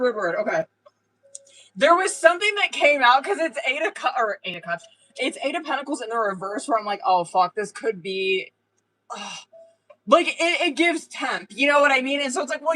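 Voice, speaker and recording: A woman's voice: on the high side, a bit bright, poor audio. A woman reading tarot on a live stream, talking casually with lots of swearing and fillers. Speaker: tarot reader.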